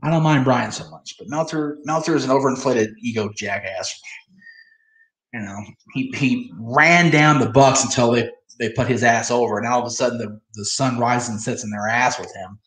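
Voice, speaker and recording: A man's voice: medium pitch, moderate pace, a bit bright. A man hosting a live wrestling watch-along, ranting bluntly with profanity and laughing often. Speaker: host.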